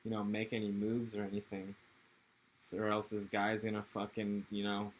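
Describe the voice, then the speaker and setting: A man's voice: on the low side, monotone, moderate pace, slight background noise, poor audio. A young man from Texas with an American accent, chatting loosely in an interview with rambling, laid-back, profane slang. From Texas, USA. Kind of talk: casual interview chat.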